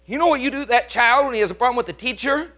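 A male pastor delivers a sermon in a high, bright, forceful voice. He is emphatic, dropping to hushed lines and then rising to loud ones. He keeps throwing questions at the congregation. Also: racing. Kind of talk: preaching a sermon.

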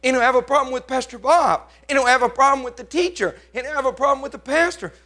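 High, bright-voiced preacher man. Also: fast talker. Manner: emphatic, swinging from hushed to loud; asks the congregation questions. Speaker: pastor. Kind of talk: preaching a sermon.

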